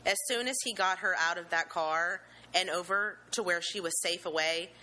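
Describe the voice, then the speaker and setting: Nervous young woman with a bright, low voice. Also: poor audio. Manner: nervous and halting, with many "um"s and restarts; earnest and emotional, with religious gratitude. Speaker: eyewitness telling her story. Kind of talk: personal account, unscripted.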